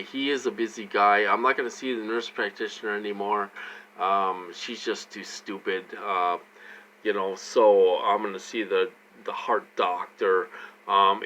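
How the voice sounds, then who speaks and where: Rambling, blunt man, bright edge. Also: on the low side, slight background noise. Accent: Minnesotan. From United States. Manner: rambling and repetitive, many ums, blunt and coarse. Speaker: vlogger. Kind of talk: casual monologue to viewers.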